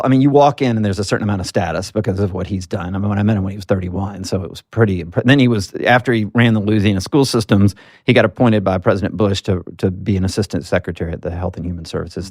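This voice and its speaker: Telling stories earnestly and using plenty of fillers, this political marketing guest from Alabama, in the US South, talks in a casual interview. He has a lowish, darkish voice with fairly even intonation and a quick pace, in clean studio sound with no room sound.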